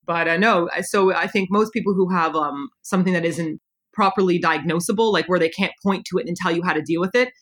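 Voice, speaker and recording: A woman in her thirties, born in Canada, chats openly as an interview guest. Her voice is bright and forward, and she tells long, candid stories with an easy flow. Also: on the low side, a little fast. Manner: chatty, candid storytelling. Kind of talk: casual conversational interview.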